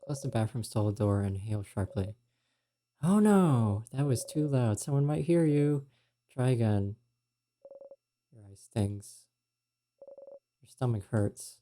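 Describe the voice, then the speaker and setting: A man streaming a game, reading its second-person narration aloud in a quiet, steady way. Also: lowish voice, measured pace, long pauses, a little hiss or hum.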